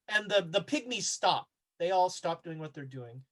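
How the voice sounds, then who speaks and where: A game master narrating a tabletop horror game, halting often with fillers as he describes the scene. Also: high-pitched, expressive.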